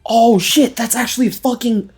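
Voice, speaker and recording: A man's voice: very high-pitched, steady tone, normal speed, a little mellow. A man acting as game master in casual chat before a session, laughing often and swearing freely.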